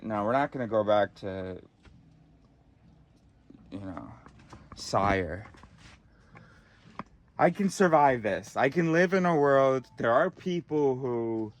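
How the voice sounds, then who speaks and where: Exasperated, swearing man ranting. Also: medium pitch. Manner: profane, exasperated, emphatic. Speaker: vlogger. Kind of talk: ranting monologue. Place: car.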